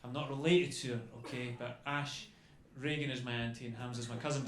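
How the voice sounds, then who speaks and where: A man's voice: medium pitch, little pitch movement, a little fast, hardly any pauses. A man doing a stand-up comedy set on a club stage, rambling and chatty, tagging lines with "okay?" and "you know". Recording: echoey club room with faint noise.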